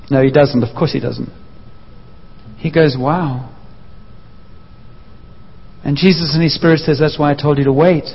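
A man's voice: on the high side, husky. A male preacher tells a story in a slightly raised voice and acts out the people in it with shifting voices. His words ring on in a long hall reverb, and the recording sounds a little dull and muffled. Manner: lively storytelling, acting out voices. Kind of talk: sermon. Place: church hall.

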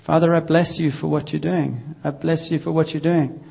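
A man leading a casual church healing session, gently coaxing and joking with the congregation. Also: on the high side, little pitch movement, moderate pace, gravelly, husky, lo-fi sound. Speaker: pastor leading healing prayer.

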